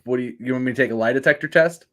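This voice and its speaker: A man's voice: mid-range voice, rapid-fire. A man co-hosting a wrestling podcast in casual chat, joking around and laughing often. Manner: jokey, laughs often, chatty. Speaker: podcast co-host.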